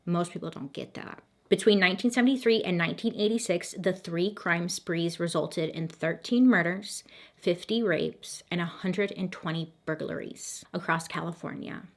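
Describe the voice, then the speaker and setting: A woman with a slightly low voice talks through a true crime case in a relaxed, conversational vlog style. She drops dry, sarcastic one-word asides, and her voice is turning a little hoarse. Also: normal speed. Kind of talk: casual storytelling to camera.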